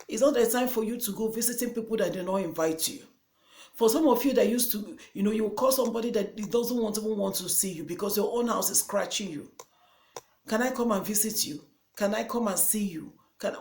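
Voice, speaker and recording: A woman's voice: mid-range voice, a little mellow. A woman with a Nigerian English accent giving earnest motivational advice in a vlog. She repeats herself for emphasis. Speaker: vlogger. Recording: echoey room.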